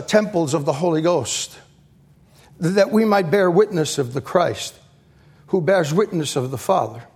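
A middle-aged man preaches in a strikingly high voice. He speaks with passion, stumbles into repeated words and throws himself into the quotes he acts out. It is a heartfelt sermon. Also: breathy edge.

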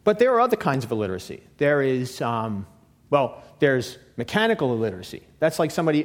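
A man's voice: medium pitch, very animated, fast talker. A middle-aged man preaching a sermon in a casual, conversational way, often checking in with "okay?" and repeating himself for emphasis. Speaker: pastor.

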